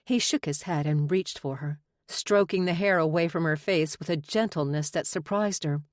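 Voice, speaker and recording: Lady narrating a romance novel, kinda low voice, really dry close sound. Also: no echo. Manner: measured, expressive reading. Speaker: audiobook narrator. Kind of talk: scripted narration.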